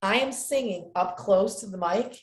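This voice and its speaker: Animated storyteller woman, roomy sound. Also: medium pitch, moderate pace. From upstate New York. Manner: lively, acts out quoted voices, repeats words for emphasis. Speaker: actress and filmmaker, podcast guest. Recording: roomy echo.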